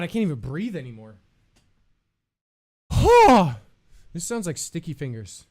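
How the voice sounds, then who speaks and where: A man's voice: sits high, wildly swooping pitch, a little slow, long pauses, no room sound, studio quality. Playful, swearing male streamer. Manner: playful, joking, laughs a lot, swears. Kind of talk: casual live-stream chat.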